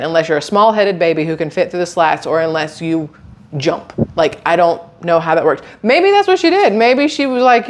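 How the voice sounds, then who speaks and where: A woman chatting casually and reading a news article aloud, adding sarcastic asides and stumbling over words. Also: medium pitch.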